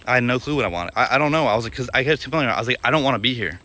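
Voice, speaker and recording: A young man speaking in a personal vlog, his delivery flat and deadpan, full of restarts and trailing thoughts. His voice sits at an ordinary middle pitch, and he talks in a candid, self-reflective way. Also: racing. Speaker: video creator.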